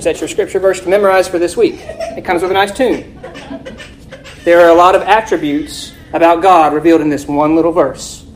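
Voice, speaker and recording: A woman teaching a Bible lesson, reading scripture slowly and forcefully and quizzing her listeners with rhetorical questions. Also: lowish voice, steady tone, faint music behind, rough recording.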